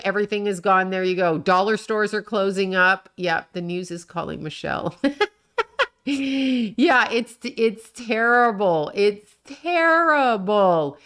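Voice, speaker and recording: A woman's voice: mid-range voice, normal speed, fairly bright tone, smooth. Blunt, rambling woman ranting on a livestream. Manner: blunt, profane, rambling, laughs often. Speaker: livestream host. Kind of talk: casual livestream rant.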